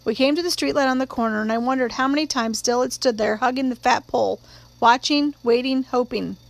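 Audiobook narrator, woman, measured storytelling, fairly high pitch with vocal fry. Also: no room sound, rough recording. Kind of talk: scripted narration.

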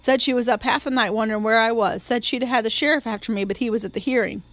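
A woman's voice: fairly high pitch, fast talker, fairly bright tone, dry recording, close to an everyday voice. A blunt, cynical young boy grumbles his complaints, voiced by a woman reading the book. He sounds stubborn and plain-spoken. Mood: grumbling.

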